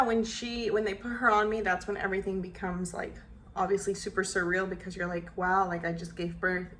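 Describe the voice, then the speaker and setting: A woman's voice: medium pitch, slight background noise, rough recording. Chatty young woman telling a story. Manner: animated, acts out quotes, frequent "like". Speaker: vlogger. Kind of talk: casual storytime.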